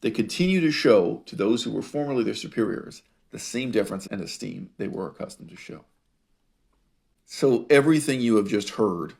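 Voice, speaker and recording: A man with a low, gravelly voice lectures on ancient history, moving between quoted passages and his own commentary. He sounds wry and amused, slowing down on key words and pressing the listener with rhetorical questions. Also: darkish tone. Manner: wry, laughs at his own source readings; rhetorical questions, drawn-out emphasis. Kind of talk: lecture reading and commenting on sources.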